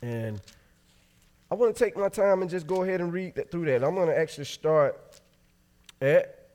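Preacher guy teaching from the bible, kinda high voice, gets loud then drops way quiet. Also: normal speed. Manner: animated, swings from loud exclamations to quiet asides. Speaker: pastor.

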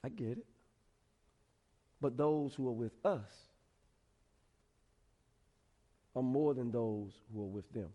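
A man voicing a calm, reassuring older male prophet who speaks softly and slowly. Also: medium pitch, dull audio, pitched below the performer's own voice, natural voice. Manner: calm, soft, measured.

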